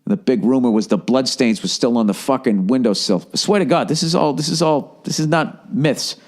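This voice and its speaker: A man in his forties with a Boston accent, rambling through a profane, casual podcast monologue, dropping to low mumbles and rising to loud bursts. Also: brisk. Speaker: podcast host.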